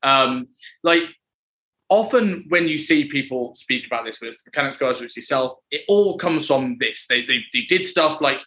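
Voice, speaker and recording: This podcast host speaks at a moderate pace and medium pitch, his voice pushed and bright with lively intonation. Casual and chatty, he rambles and leans heavily on "like" and "you know." The recording sounds rough.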